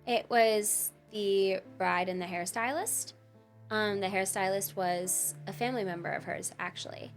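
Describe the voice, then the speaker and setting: A woman's voice: mid-range voice, fairly even intonation, a little slow, soft background music. A young woman, a makeup artist, chatting as a podcast guest, bubbly and prone to giggling. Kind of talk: casual podcast chat.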